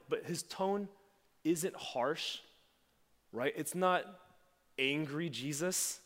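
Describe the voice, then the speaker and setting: A man preaching a conversational sermon as a pastor, acting out quoted lines with sudden jumps in pitch. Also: animated, takes it slowly, a bit bright. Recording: long hall reverb.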